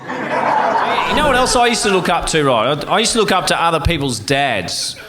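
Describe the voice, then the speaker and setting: A man's voice: fairly high pitch, big pitch swings, normal speed, heavy background noise. A male stand-up comedian with a blunt, sardonic delivery.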